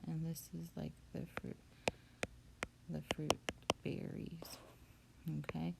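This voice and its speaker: A woman teacher leads a spelling lesson in a low, heavily gravelly voice. She explains each step patiently and very slowly. Steady background noise sits under the recording.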